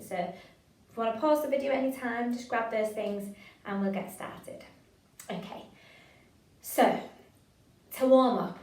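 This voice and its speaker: A woman's voice: fairly high pitch, a little mellow. Woman leading a drama class, roomy distant sound. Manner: encouraging, chatty, hesitant with fillers. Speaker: drama workshop leader. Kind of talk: online drama class instruction.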